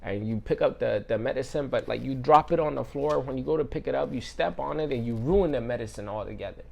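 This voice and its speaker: Talking fast at a medium pitch, this man gives an earnest, conversational devotional sermon packed with fillers. Gravelly fry marks the ends of his phrases, and now and then he goes hushed and quiet.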